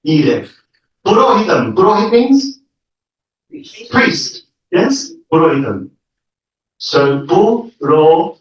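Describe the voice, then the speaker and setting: A man's voice: on the high side, big pitch swings, slow, long pauses. A man teaching a live scripture class, explaining each word step by step and checking in with the audience. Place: lecture room with an audience. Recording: echoey room, mic far off.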